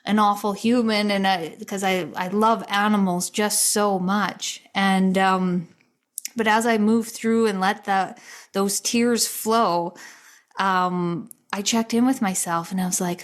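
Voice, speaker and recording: A woman co-hosting a podcast, telling a personal story in a rambling, chatty way, full of "like" and quick laughs. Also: medium pitch, steady tone. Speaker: podcast co-host. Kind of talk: casual storytelling chat.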